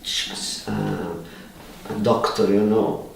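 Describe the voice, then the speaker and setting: A man, a body psychotherapist, answering interview questions animatedly in halting English full of "you know". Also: fairly low pitch, steady tone, creaky. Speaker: body psychotherapist and training lecturer. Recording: roomy, distant mic, faint background noise.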